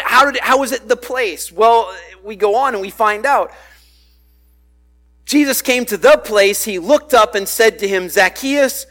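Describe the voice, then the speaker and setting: A man's voice: high-pitched, sharp tone. A man preaching a sermon in a conversational way, acting out the voices he quotes. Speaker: pastor.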